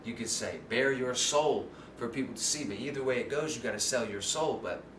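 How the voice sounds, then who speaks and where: A man's voice: medium pitch, brisk. Rambling man, echoey and far from mic. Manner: rambling, keeps asking "you know what I'm saying?". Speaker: channel host. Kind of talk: casual musing monologue. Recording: roomy, distant mic, faint background noise.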